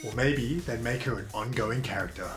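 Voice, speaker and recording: A man's voice: mid-range voice, moderate pace, a bit bright, faint music behind. An Australian man hosting a comedy show, ranting in a brash, profane, mock-aggressive way. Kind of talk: crude comedic rant.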